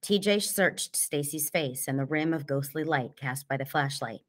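A woman narrates a novel in the first person, in a low, measured voice. Her telling is quiet and steady, sometimes dropping nearly to a whisper. It is audiobook reading.

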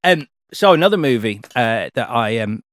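A man's voice: medium pitch, expressive, moderate pace, no room sound, studio quality. Jokey male interview host. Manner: jokey, chatty, laughs a lot. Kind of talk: casual interview chat.

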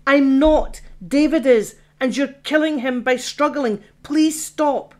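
A woman's voice: high-pitched, takes it slowly, pitched above the performer's own voice. A woman voicing a frightened male artificial intelligence who pleads and blurts out in exasperation, in an audiobook. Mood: pleading.

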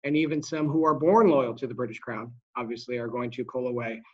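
A man teaching a history lesson to a small class in a conversational way, with asides and quick restarts. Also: medium pitch, fairly even intonation, dull audio. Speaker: high school history teacher. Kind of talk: classroom lecture.

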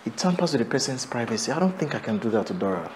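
A man's voice: mid-range voice, very animated, very fast, a little hiss or hum, lightly acted. A Nigerian man playing an uneasy confiding husband. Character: worried husband confiding in a friend.

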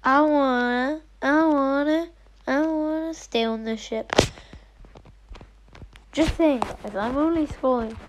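A woman's voice: high-pitched, slow pace, pauses often, noisy background. A woman giving casual, giggly gameplay commentary, muttering half to herself as she scrolls through a game. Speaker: gaming streamer.

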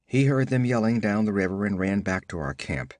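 A hard-faced frontier leader, read by a man, who challenges strangers in a harsh, clipped voice. He speaks low and stern. The storybook sound is close and dry. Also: expressive, fairly quick, darkish tone, no echo, close to an everyday voice.

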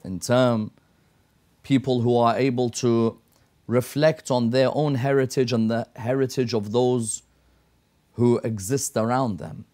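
A man with a British accent, a guest scholar in a TV studio discussion, explaining at length in a measured way and building points in steady lists. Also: medium pitch. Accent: British English.

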